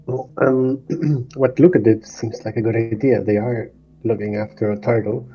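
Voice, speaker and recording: A man's voice: mid-range voice, little pitch movement, normal speed, mellow, breathy edge, dull audio, soft background music. A man playing a tabletop game, talking in a casual, offhand way. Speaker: player.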